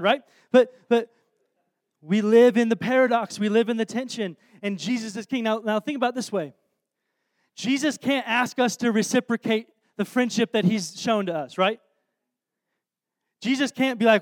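A man preaching in a casual, earnest way, often trailing off into soft, quiet phrases. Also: very high-pitched, moderate pace, no echo. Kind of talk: conversational sermon.

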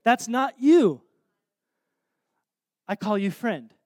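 A man preaching in a casual, earnest way, often trailing off into soft, quiet phrases. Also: very high voice, expressive, slow, no room sound. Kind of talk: conversational sermon.

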